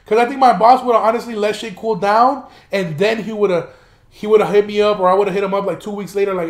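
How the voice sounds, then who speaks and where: Young male podcast host, high-pitched, loose and profane storyteller, roomy echo. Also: steady tone, quick pace. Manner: profane, rambling, laughs while telling. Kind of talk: casual storytelling monologue.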